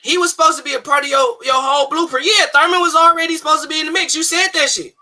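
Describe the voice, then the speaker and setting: Man, high voice, piercing edge; heated profane boxing rant with bursts of shouting. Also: fairly even intonation, fast talker. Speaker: boxing commentator. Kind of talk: ranting commentary.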